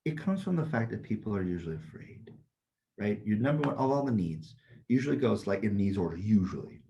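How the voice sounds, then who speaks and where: A man's voice: fairly low pitch, sing-song, a little fast, gravelly, dark tone, dull audio, slight background noise. A man co-hosting a casual podcast as a Taoist teacher, talking bluntly, swearing freely and telling stories with energy. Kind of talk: casual chat.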